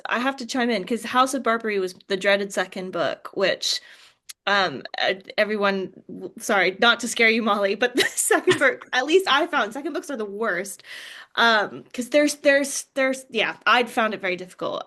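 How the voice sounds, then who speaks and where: A woman's voice: medium pitch, fairly bright tone. A woman novelist on a panel discussion, chiming in with candid, chatty remarks. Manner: candid and chatty, jumping in eagerly.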